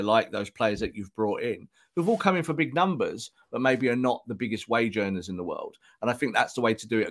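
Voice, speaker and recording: A man co-hosting a casual football podcast, talking on a microphone and often putting on quick voices for imagined remarks. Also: on the low side. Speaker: podcast co-host.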